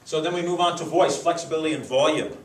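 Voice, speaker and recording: A man leading a speech contest judges' training, teaching in a lively, demonstrative way with acted examples in a club meeting room. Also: fairly high pitch, fast talker. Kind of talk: workshop lesson. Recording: echoey room, mic far off.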